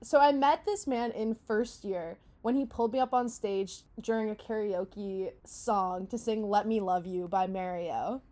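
A young woman co-hosting a podcast, telling a story in a casual, animated way and laughing often. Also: mid-range voice, measured pace, few pauses. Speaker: podcast co-host.

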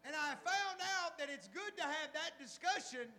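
A middle-aged man preaches in a very high voice for a man, animated, firing rhetorical questions at his listeners. His voice rings out with a long hall reverb. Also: moderate pace, faint music behind. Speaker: pastor. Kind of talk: sermon.

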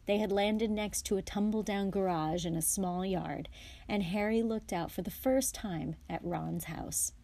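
A woman guest reader narrating a chapter aloud with calm, measured delivery. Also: mid-range voice, vocal fry. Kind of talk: audiobook reading.

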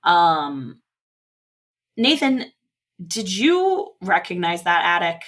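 A woman's voice: fairly low pitch, big pitch swings, slow pace, fairly bright tone. Chatty young woman recapping a movie. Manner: laughing often, quoting characters in passing. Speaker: podcast co-host. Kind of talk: casual movie recap chat.

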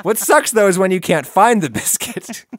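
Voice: medium pitch, expressive, normal speed, no room sound. A podcast co-host in casual comedic chat, wry and joking, laughing often.

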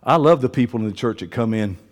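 A man preaching a sermon, folksy and joking, swinging from quiet asides to loud preaching. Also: medium pitch, animated, fast talker, big-room sound. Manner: folksy, joking, uses y'all and ain't. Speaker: pastor. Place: church sanctuary.

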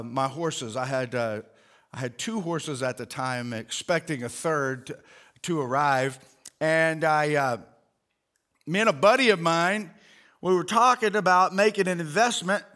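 A middle-aged pastor preaching a sermon, telling a farm story in a folksy way with lots of fillers before reading scripture. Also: male voice, on the high side, a bit bright.

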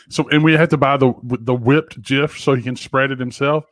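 A man's voice: medium pitch, fairly quick, few pauses, dry recording. A man in casual chat, telling stories with lots of cursing and jokes. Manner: profane, joking storyteller.

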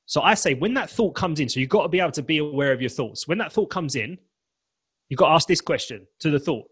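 Husky, energetic male coach. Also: on the high side, fast talker. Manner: energetic and emphatic, acting out inner dialogue. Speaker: guest, confidence and presentation coach. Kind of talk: animated podcast interview.

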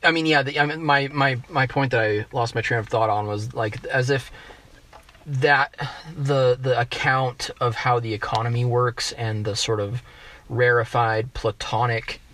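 A man with a general American accent, a guest in a casual interview, talking in halting bursts full of restarts and fillers as he thinks aloud. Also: medium pitch, fairly even intonation, fairly bright tone. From United States. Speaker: guest economist.

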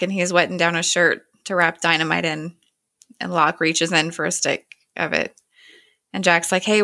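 A woman with a fairly low voice retells a TV episode in relaxed, chatty paraphrase, dropping into quick little character voices. The sound is dry and close, with no room around it. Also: gravelly, no room sound. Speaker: podcast host recapping a TV episode. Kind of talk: casual episode recap.

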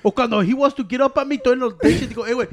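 A man in casual chat among friends, animated and swearing, switching between English and Spanish. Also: extremely high pitch, very fast, vocal fry.

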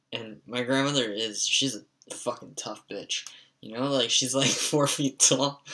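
A young man with a stuffy, raspy voice, telling a rambling, profane story in a casual vlog. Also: mid-range voice, pushed and bright. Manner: rambling, profane, frequent "like" fillers.

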